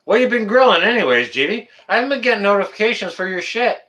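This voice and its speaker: A man talks loosely with his viewers on a live stream. He is blunt and jokey, and he swears without a second thought. His pitch swings around a lot, and his voice is bright and forceful. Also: sing-song, fast talker, lo-fi sound. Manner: blunt, swears freely, chatty and joking. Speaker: channel host answering live chat. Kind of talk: casual live-stream chat.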